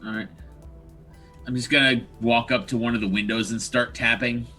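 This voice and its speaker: A man's voice: mid-range voice, fairly even intonation, normal speed, bright, forceful tone, faint music behind. A man playing a tabletop game, laid-back and hesitant in casual chat.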